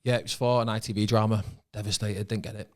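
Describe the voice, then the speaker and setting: A man from Manchester, a guest actor, talking calmly and matter-of-factly on a podcast. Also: on the low side, fast. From Manchester, England. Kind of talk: casual podcast chat.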